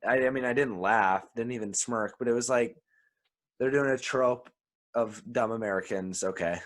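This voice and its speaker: On a film podcast, a male co-host chats casually and with strong opinions about movies, often repeating his first words as he starts a sentence. His voice is mid-range and moves at a moderate pace.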